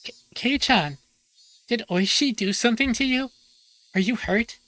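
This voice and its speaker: A woman puts on a hot-tempered teenage girl who leads her class and scolds loudly, her voice pushed high and bright. She shouts her words at full force in this storybook reading. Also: a little slow. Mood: worried.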